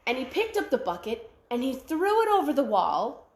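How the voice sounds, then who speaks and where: A woman telling a traditional folktale aloud at a library, animated and full of sound effects. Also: high voice, normal speed, roomy sound. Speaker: library storyteller.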